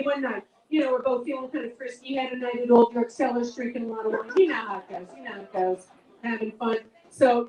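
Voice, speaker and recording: High-voiced woman doing stand-up. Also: echoey room, recorded from a distance, low-quality recording. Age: 30s. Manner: animated storytelling with laughs. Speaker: comedy show host. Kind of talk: stand-up comedy.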